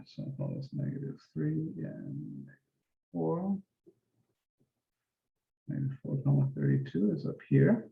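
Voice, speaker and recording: A male math instructor holds a casual office-hour lesson, thinking aloud as he draws and talking through each step, now and then letting a mild swear slip. His medium-pitched voice has some vocal fry. The recording is roomy, dull and lo-fi.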